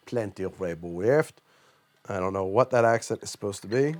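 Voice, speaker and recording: A man hosting a cocktail show, reviewing bad drinks with theatrical disgust and deadpan asides. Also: medium pitch, moderate pace.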